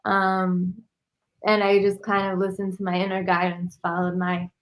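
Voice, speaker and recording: A woman's voice: medium pitch, monotone, normal speed, low-quality recording. Give me a woman with a mid-range voice as a podcast guest, chatting thoughtfully. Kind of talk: casual chat.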